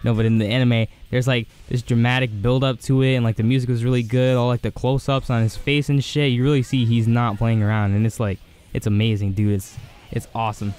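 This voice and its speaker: A man casually recapping an anime episode in an excited, rambling way, full of fillers. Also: medium pitch, brisk, clear, resonant tone. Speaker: anime reviewer.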